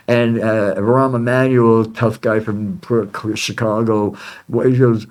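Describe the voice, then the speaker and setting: A man hosting his own psychic channel, talking in a rambling, halting monologue full of restarts, with heated, indignant stretches. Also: medium pitch, level tone, a little mellow. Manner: halting, with many restarts and fillers.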